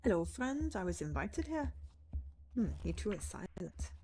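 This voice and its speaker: A woman's voice: mid-range voice, sing-song, normal speed, dark tone, lightly acted. Woman doing a put-on Scottish man: a wry, mannered writer figure, lots of melodic movement. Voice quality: mannered, theatrical reading. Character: male writer William, genteel and wry.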